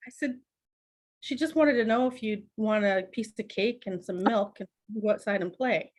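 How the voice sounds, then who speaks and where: A woman's voice: medium pitch, normal speed. Middle-aged woman telling stories. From Canada. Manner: laughs often, animated anecdotes with acted quotes. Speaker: podcast guest. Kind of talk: conversational storytelling.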